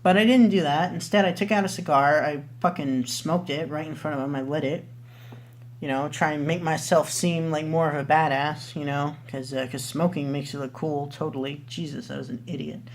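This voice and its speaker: A man's voice: on the high side, fairly even intonation, normal speed, a little hiss or hum. Young male vlogger, casual storyteller, loose and profane delivery. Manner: rambling, swears freely, many fillers.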